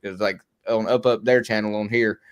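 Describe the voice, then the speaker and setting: A man chatting casually on a livestream, animated and profane, throwing in quick jokes. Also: lowish voice, clear, resonant tone. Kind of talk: casual chat.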